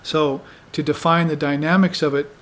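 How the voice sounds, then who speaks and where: A man giving a spiritual dharma talk to students in an unhurried, conversational way, often tagging his points with "you see". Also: a little high, little pitch movement, a bit bright. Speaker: spiritual teacher.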